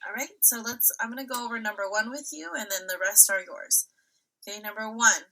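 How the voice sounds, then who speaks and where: A woman's voice: a little high, a little fast, bright, forceful tone, rough recording. A woman teacher giving a remote reading lesson to young children, patient and step-by-step, often checking in with "right?".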